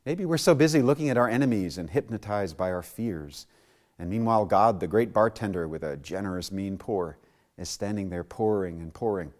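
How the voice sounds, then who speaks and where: A man preaching a sermon in an animated way, jumping high in pitch when he acts out quoted voices, then settling to a calm, low prayer. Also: a little fast. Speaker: pastor.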